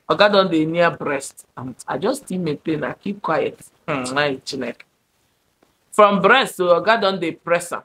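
A young woman with a Nigerian accent, telling a personal story to camera in an animated, dramatic way. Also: lowish voice, measured pace. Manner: animated, dramatic storyteller, shifting between loud and hushed. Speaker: vlogger. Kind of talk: storytime monologue.

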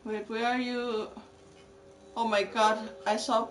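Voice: medium pitch, little pitch movement, slow. A streamer commenting live while playing a game, exclaiming and swearing constantly. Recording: roomy, far from mic, loud game music. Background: loud game music.

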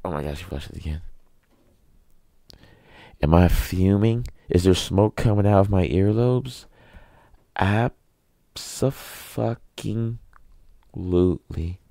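A man with a very low, gravelly voice rants through a casual podcast monologue. His tone is dark and mellow, and he sounds close and dry. He keeps sarcastically asking himself questions and answering them. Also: unhurried, pauses often, dry recording. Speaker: podcast host.

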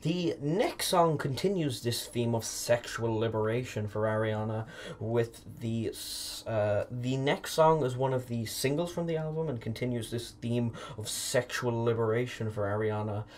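A man's voice: mid-range voice, moderate pace, darkish tone, a little hiss or hum. A young man giving a casual spoken album review, candid and opinionated, with the occasional swear word.

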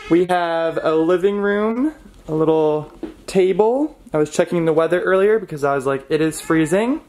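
A man's voice: on the high side, normal speed. Chatty man vlogging over car noise. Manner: excitable and chatty, talking to himself on a solo drive. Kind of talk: casual travel vlog talk to camera. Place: in a car and outdoors on rural roads. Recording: audible car and outdoor noise.

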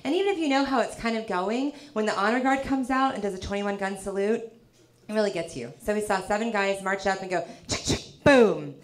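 A woman from the South, performing a stand-up comedy set with a dry, teasing delivery and quick punchlines. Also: medium pitch. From American South. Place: comedy club stage. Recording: live club with loud crowd laughter. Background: audience laughter.

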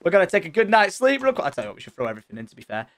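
A young man giving excited Let's Play commentary, chatting and thinking aloud as he plays. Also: high-pitched, very fast. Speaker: gaming channel host.

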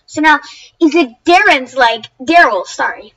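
High-voiced woman rambling through a story. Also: a little slow, a bit bright, low-quality recording. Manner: rambling, many restarts and self-corrections. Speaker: YouTuber. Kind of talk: casual storytelling to camera.

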